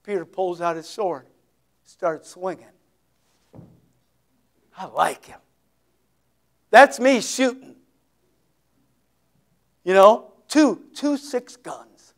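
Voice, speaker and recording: A male pastor with a notably high voice for a man, preaching a sermon. He tells the story dramatically, acting out the scenes, and drops in folksy, conversational asides. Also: expressive, extremely slow, long pauses.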